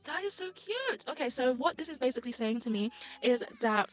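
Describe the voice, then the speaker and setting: A young woman talks through a life-sim game in a loose, rambling commentary. Her voice sits a little high, and she keeps breaking into giggles and bursts of excited squealing. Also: a little fast, poor audio. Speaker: gaming YouTuber. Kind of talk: casual let's-play commentary.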